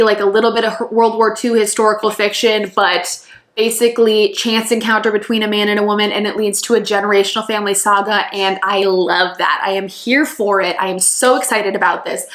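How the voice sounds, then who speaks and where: A woman's voice: medium pitch, fairly bright tone, echoey room. A woman book vlogger chatting casually about new books, gushing and enthusiastic. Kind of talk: casual book haul vlog.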